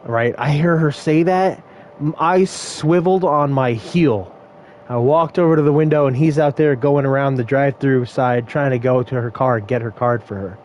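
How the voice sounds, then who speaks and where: A young man telling brash, animated stories about run-ins with customers at his fast food job. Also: mid-range voice, a little hiss or hum. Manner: brash, animated retelling of confrontations. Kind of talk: casual storytelling vlog.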